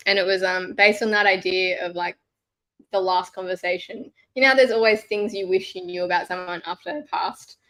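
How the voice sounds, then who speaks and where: A woman's voice: fairly low pitch, steady tone, fairly quick, fairly bright tone. Chatty woman with a slightly sick voice. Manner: chatty, lots of "like". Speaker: podcast co-host. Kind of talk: casual chat.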